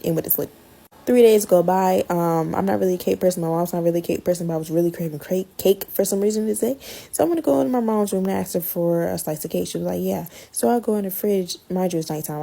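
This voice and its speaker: A woman tells a story on her podcast in casual, slangy chat. Her voice is husky and gravelly, with a low, mellow tone. She swings between loud outbursts and hushed asides. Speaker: podcast host telling a story.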